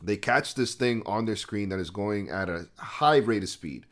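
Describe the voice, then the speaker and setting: A man's voice: lowish voice, normal speed. A man hosting a casual podcast chat, blunt and slangy, swearing freely and calling his friends bro.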